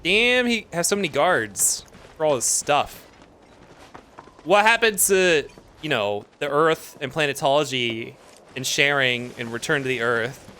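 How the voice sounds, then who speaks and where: A man's voice: a little high, lively intonation, measured pace, pushed and bright, a little hiss or hum. A man streaming a video game live, chatting casually, easily distracted, reacting to what is on screen.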